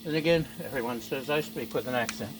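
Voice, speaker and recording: Over the loud sizzle of a griddle, a fast-talking home cook vlogger with a mid-range voice chats playfully while cooking outdoors. Now and then the commentary turns to the dogs.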